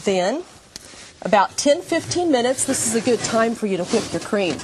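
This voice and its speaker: A woman's voice: on the high side, big pitch swings, moderate pace, background noise. An older woman hosting a TV cooking demonstration, talking in a gushing, homey, cheerful way in a kitchen set. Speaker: cooking show host.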